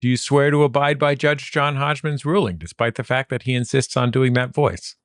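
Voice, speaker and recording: A man's voice: medium pitch, normal speed, no room sound. A man acting as bailiff on a comic podcast, dry and mock-formal as he swears in the litigants.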